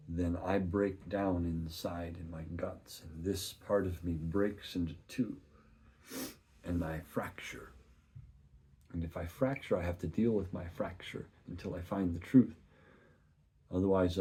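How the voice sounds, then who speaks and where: A man in his thirties sharing a personal faith testimony in an earnest, searching way, often soft and hushed. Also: sits low, steady tone, measured pace. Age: 30s.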